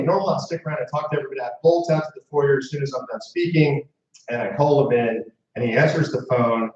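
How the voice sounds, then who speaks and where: A man's voice: medium pitch, a little mellow. Guy telling a story to a room full of people, chatty w lots of asides, muffled n far away. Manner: conversational anecdotes with restarts and asides to the crowd. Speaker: guest speaker, movement founder. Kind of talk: storytelling speech to a live audience. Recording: echoey room mic heard from afar, muffled.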